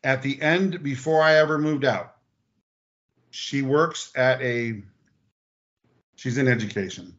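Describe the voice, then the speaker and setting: A man telling personal stories in a casual podcast chat, animated and blunt, acting out quotes and swearing freely. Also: mid-range voice, takes it slowly, long pauses, muffled recording. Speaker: podcast guest.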